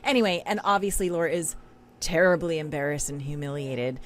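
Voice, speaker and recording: A woman co-hosting a podcast in casual chat, recapping an episode with emphatic, animated delivery and frequent laughter. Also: low voice, brisk, a little hiss or hum. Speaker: podcast co-host.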